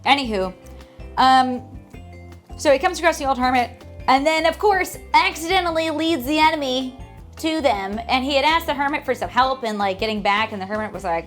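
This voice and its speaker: A woman's voice: high voice, lively intonation, moderate pace, fairly bright tone, faint music behind. A woman hosting a casual book club recap, chatty with lots of fillers and some swearing. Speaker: host.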